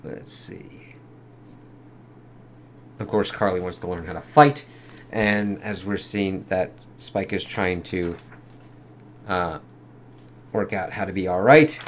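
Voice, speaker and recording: Low-voiced guy doing a chill comic review, swears a lot, faint hiss behind. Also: fairly even intonation, takes it slowly, long pauses. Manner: loose and profane, lots of fillers. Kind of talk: casual spoken review.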